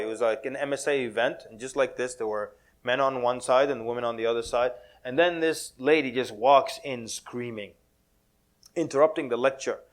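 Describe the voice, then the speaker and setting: A man giving a lively, joking talk to an audience at a mosque, mixing in Arabic words and acting out quotes. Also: on the high side. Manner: animated, playful, drops Arabic words, laughs often. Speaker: Muslim speaker giving a talk.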